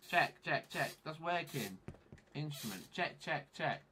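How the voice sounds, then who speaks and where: A man's voice: on the high side, animated, unhurried, pushed and bright, breathy edge. A man live-streaming, frantic and swearing as he mutters to himself, recorded on an onboard camera microphone. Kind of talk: livestream chat.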